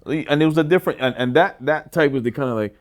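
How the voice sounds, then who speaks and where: A middle-aged man from Barbados, a podcast co-host telling stories in casual chat, quoting other people in high, put-on voices. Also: fast. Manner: animated storyteller, high-pitched when quoting others.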